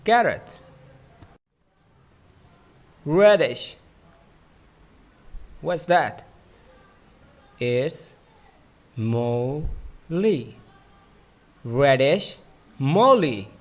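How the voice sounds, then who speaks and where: Slow, drilling male English teacher. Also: on the high side, big pitch swings. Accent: South Asian English. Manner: repeats each word several times with translations. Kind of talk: vocabulary lesson for kids.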